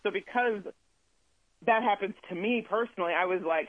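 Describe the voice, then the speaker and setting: A man's voice: high-pitched, normal speed, dry recording. A man, a touring musician, chatting casually as an interview guest over the phone, rambling and friendly with lots of fillers. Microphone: phone call. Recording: tinny dry phone line.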